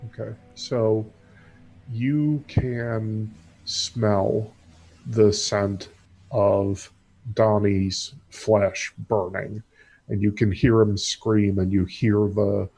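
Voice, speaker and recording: Slow, husky-voiced man as game master. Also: lowish voice, level tone, a little mellow, rough recording. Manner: slow, measured descriptive narration. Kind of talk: narrating a tabletop game.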